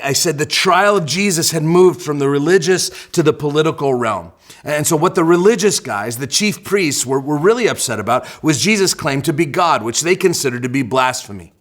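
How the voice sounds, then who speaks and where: A man's voice: fairly high pitch, a bit bright. A man preaching a sermon as a church pastor, often repeating words as he starts phrases and acting out quotes with energy. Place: church sanctuary.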